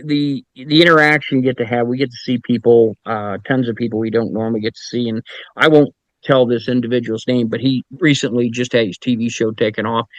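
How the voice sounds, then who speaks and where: A man's voice: medium pitch, fairly bright tone, dry recording, rough recording. A middle-aged man and paranormal investigator, guesting on a podcast and telling wry anecdotes in a casual way, with some mild swearing. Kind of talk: casual storytelling.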